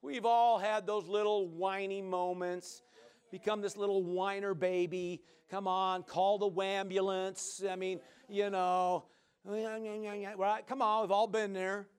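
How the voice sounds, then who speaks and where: A man preaching a sermon in a folksy, joking way, often asking the listeners "right?" and swinging from loud to soft. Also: sits high, flat delivery, slow, clean tone.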